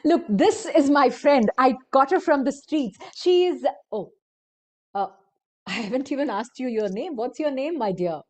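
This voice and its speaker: An excitable, effusive rich hostess, as a woman storyteller puts her on. She speaks higher and brighter than the narration, every phrase emphatic and gushing. The delivery stays slow and deliberate, as in a story told aloud.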